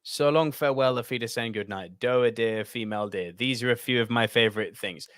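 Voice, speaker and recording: A British man with a posh English accent, co-hosting a podcast in casual chat, theatrical and quick to mock himself. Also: medium pitch, a bit bright, clean tone, no echo. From Britain. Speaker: podcast co-host.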